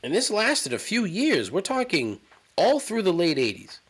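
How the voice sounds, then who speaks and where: Male podcast host, lively pitch, rambling and profane casual monologue. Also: normal speed, husky. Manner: rambling, profane, incredulous storytelling.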